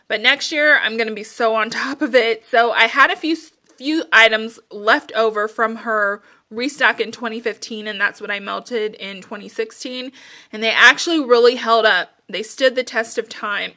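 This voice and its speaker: A woman's voice: a little high, sharp tone. A woman casually chatting through her candle reviews, rambling with plenty of fillers and sounding a little out of breath. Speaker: candle and wax melt reviewer. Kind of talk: casual chat.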